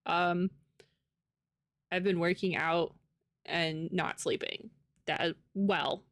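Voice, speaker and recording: A woman's voice: on the low side, fairly even intonation, drawn-out words. An American woman livestreamer chatting casually with viewers, rambling and laughing often. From United States. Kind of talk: casual chat with live viewers.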